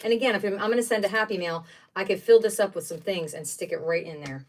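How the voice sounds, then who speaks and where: A woman's voice: mid-range voice, fast talker, slight background noise. A woman hosting a casual craft livestream, chatting and exclaiming over each item she unboxes. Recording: voice somewhat distant from the mic.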